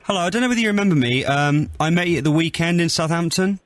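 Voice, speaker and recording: A man's voice: a little high, animated, quick pace, no echo. Cheeky male radio host telling a story. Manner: cheeky storytelling, mock-tough. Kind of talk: breakfast-radio chat. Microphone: studio microphone.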